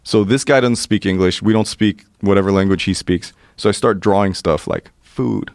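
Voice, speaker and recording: Lively, swearing storyteller man. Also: fairly low pitch, normal speed, vocal fry, dry recording, clean studio sound. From United States. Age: 40s. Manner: animated, profane, laughing, many restarts. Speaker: podcast guest. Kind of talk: storytelling anecdote in casual chat.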